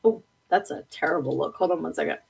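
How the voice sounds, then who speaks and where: A woman's voice: deep voice, fast talker, creaky, breathy edge. Chatty woman hosting a live stream. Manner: chatty and animated, often laughing. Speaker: host. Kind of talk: casual live-stream chat reading comments.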